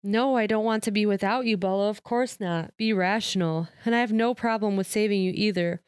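A woman reading aloud the lines of a brooding, tormented male vampire in a hushed voice, with a smooth, dry sound. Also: medium pitch, a little fast, no echo, natural voice. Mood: anguished.

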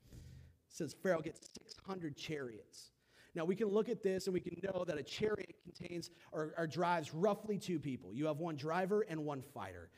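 A young man delivers a relaxed, conversational sermon, slipping into characters as he tells the story. His voice sits a touch high for a man and leaps from hushed asides to loud, excited bursts. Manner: animated, acts out quotes with shifting loudness.

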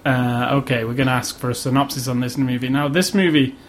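A man's voice: medium pitch, fairly even intonation, fast talker, slight background noise. A man hosting a casual movie podcast, dry and sarcastic, often restarting his sentences. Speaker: podcast host. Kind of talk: casual chat.

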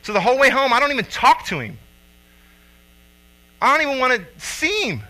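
High bright-voiced man telling a story. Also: fairly quick, rough recording. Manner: animated storyteller acting out quotes loudly. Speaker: father and youth coach. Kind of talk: personal storytelling.

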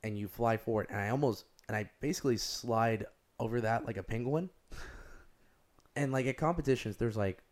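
A young man telling stories in a rambling, animated way, using "like" over and over. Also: medium pitch, normal speed. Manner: rambling, heavy use of "like", animated storytelling. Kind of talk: casual chat.

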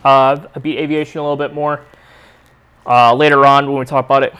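A man's voice: mid-range voice, flat delivery, a little fast, a bit bright, clear, resonant tone. A young adult man hosting a podcast, telling a rambling, profane story in a casual, laid-back way. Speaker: podcast host.

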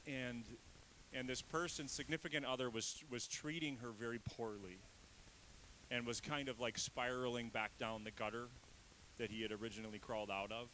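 A man's voice: mid-range voice, fairly even intonation, moderate pace, pushed and bright, a little hiss or hum, low-quality recording. A man in his thirties, a pastor giving a conversational sermon with candid, self-deprecating asides. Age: 30s.

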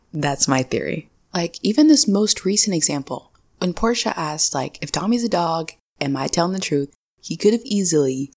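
A woman's voice: sits low, gravelly, a little mellow. A young adult woman hosting a solo podcast, recapping casually, chatty and laughing often as she quotes characters. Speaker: podcast host.

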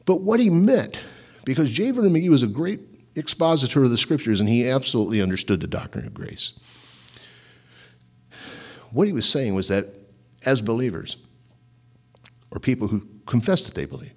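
A middle-aged pastor preaching in a lively, conversational way, asking his listeners rhetorical questions. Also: fairly low pitch, a little fast, breathy edge. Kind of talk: sermon.

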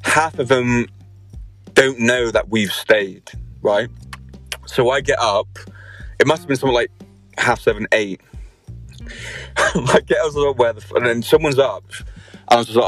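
A man's voice: medium pitch, normal speed, pauses often, fairly bright tone, faint music behind. A young man hosting a podcast, telling a rowdy story with constant swearing and laughter. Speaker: podcast host. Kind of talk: casual storytelling chat.

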